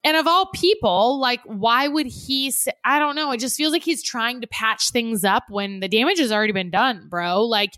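A woman's voice: fairly high pitch, normal speed, hardly any pauses, sharp tone, no echo, studio quality. A woman co-hosting a podcast in casual, slangy chat, talking emphatically. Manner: emphatic, slangy, says "like" a lot. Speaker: podcast co-host.

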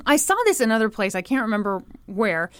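A woman's voice: medium pitch, quick pace, clear, resonant tone, no echo, studio quality. A woman podcast host telling a story with sarcastic humor and frequent laughter. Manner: sarcastic, animated, laughs often. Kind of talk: comedic storytelling.

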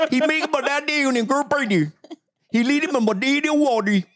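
A woman's voice: high-pitched, lively intonation, unhurried, a bit bright, dry recording, studio quality, voice pushed up. A woman putting on a gibberish-spouting preacher. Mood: preaching. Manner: solemn sing-song gibberish preaching, breaking into giggles. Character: preacher reciting scripture in made-up game gibberish. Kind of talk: comedic gibberish improvisation.

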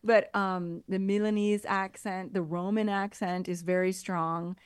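A woman co-hosting a casual podcast chat, talking in a lively way with restarts and asides. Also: mid-range voice, unhurried, clear, resonant tone, no room sound, clean studio sound. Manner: chatty, animated, trailing restarts. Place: abroad in Italy, married into an Italian family.

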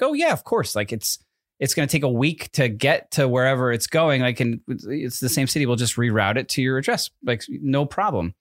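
This podcast co-host, a man in his thirties, has a medium-pitched voice captured in studio quality without any room sound. Chatting casually, he meanders through a story, leaning on fillers and performing the quotes.

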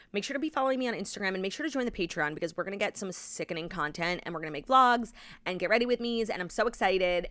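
Expressive, foul-mouthed young-sounding woman. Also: fairly low pitch, no echo. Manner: animated, swears freely, lots of "like". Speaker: podcast co-host. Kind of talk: casual chat. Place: hotel room.

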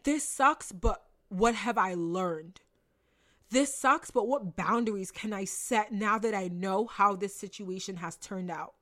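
A woman's voice: mid-range voice, steady tone, unhurried, few pauses, a bit bright. A young woman hosting a podcast, giving an emphatic motivational talk with lots of repetition, casual swearing and laughs. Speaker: podcast host and manifestation coach.

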